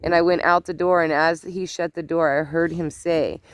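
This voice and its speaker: A woman's voice: deep voice, steady tone, normal speed, clear, resonant tone, no echo. An older woman, a grandmother, chatting casually on her vlog outdoors, telling a family story with laughs and asides. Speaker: vlogger. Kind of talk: casual chat.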